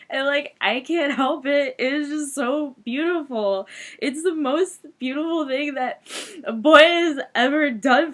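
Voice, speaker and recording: A woman voicing a melodramatic eighth-grade goth girl who narrates her diary in a giggly, overdramatic way, full of "like". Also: fairly high pitch. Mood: tearful swooning. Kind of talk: comic teen diary monologue.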